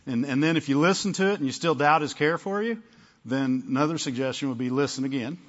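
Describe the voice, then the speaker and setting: A pastor with a mid-range voice talks fast, delivering a sermon on a dull lo-fi recording. His preaching is conversational, and he keeps asking the congregation "amen?" and "right?"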